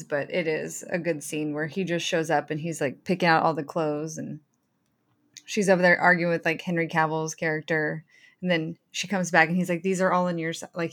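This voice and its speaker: A woman co-hosting a casual movie podcast, chatting in a playful, lively way. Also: sits low. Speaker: podcast co-host. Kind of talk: casual movie-discussion chat.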